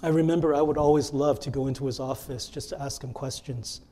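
A man's voice: medium pitch, fairly even intonation, fast talker, mellow, slight background noise. A male pastor preaching a sermon and acting out the lines he quotes with earnest emphasis.

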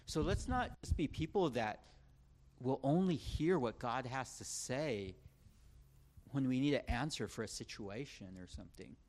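A man's voice: mid-range voice, lively intonation, unhurried, darkish tone. Earnest man preaching a sermon. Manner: earnest, conversational with restarts.

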